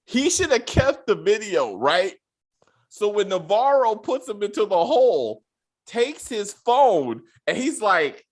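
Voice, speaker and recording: Animated man in casual chat. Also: high-pitched, normal speed. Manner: animated, acts out characters' lines. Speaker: podcast host.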